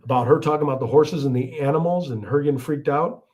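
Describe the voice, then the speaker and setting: A Chicago-area man in his thirties with a Chicago accent hosts a casual livestream, chatting back to viewer comments and often restarting his sentences. His voice is on the high side and darkish, and he talks quickly.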